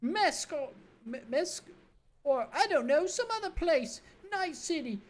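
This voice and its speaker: A woman's voice: high voice, expressive, measured pace, voice pushed up. A woman voicing a crude, cocky twelve-year-old boy who talks about himself in third person. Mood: sneering swagger.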